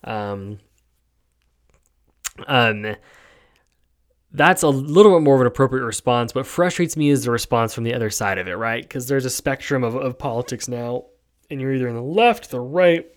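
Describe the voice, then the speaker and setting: A man's voice: mid-range voice, animated, normal speed. A young man hosting a solo podcast, talking casually and sarcastically, rambling with frequent ums. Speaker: podcast host.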